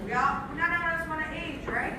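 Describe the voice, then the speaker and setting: Energetic woman in her sixties, echoey hall. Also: sits high, far from the mic, heavy background noise. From Canada. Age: 60s. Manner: energetic, rapid questions to the crowd. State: strained voice from shouting. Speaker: sales presenter. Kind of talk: business pitch to a live audience. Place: large room with an audience. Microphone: handheld microphone. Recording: very echoey hall, mic from afar.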